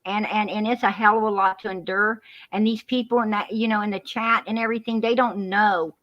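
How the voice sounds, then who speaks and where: A woman's voice: mid-range voice, steady tone, a little fast. A woman speaking on a heated live stream, preachy and repetitive, calling people hon and sweetheart. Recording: muffled lo-fi live-stream audio.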